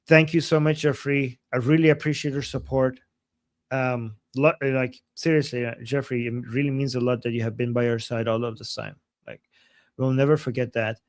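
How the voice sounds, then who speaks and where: A man's voice: mid-range voice, flat delivery, normal speed, no room sound, studio quality. A young man co-hosting a livestream, reading viewer comments aloud and answering them in a casual, chatty way. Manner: chatty, reads comments aloud then responds. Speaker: livestream co-host.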